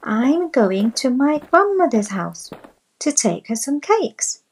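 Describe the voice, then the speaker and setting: A woman voicing an innocent little girl in a red hood in a storybook reading, high-voiced and polite. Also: very animated, slow pace, slight background noise, exaggerated voice. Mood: cheerful.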